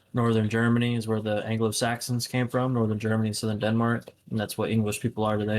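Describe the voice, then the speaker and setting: Low, flat-voiced rambling young man. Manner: rambling, full of fillers and profanity. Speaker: podcast co-host. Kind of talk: casual chat.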